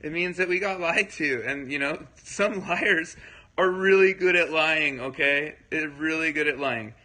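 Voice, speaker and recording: A man's voice: a little high, unhurried, pushed and bright, rough recording. A man hosting a casual livestream, talking loosely to his viewers and answering their comments, rambling with lots of fillers and frequent check-ins. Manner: rambling, filler-heavy, keeps checking in with listeners. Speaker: livestream host.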